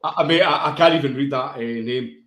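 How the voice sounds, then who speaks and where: A man's voice: mid-range voice, brisk, fairly bright tone. A man with a Glasgow accent co-hosting a football podcast, chatting bluntly and swearing like a mate at the pub. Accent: Scottish, Glasgow area. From Scotland. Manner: blunt, swears freely, matey. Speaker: podcast co-host. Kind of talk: casual football chat. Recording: echoey room.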